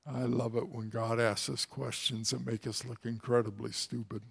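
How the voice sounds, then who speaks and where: A man's voice: mid-range voice, flat delivery, moderate pace, vocal fry, breathy edge. A man teaching through a Bible passage in a conversational way, with wry, folksy asides.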